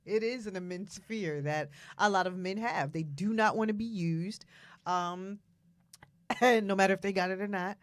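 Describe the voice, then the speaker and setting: A woman's voice: medium pitch, normal speed, dry recording. A woman co-hosting a casual talk show, speaking frankly, often laughing and acting out quotes. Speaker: co-host.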